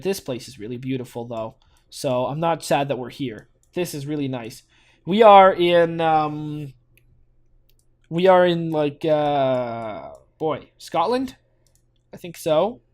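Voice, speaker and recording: A young man from Canada casually commenting on his own gameplay, thinking out loud with lots of fillers and restarts. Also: on the high side. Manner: rambling, thinks aloud with many fillers and restarts. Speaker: gaming channel host.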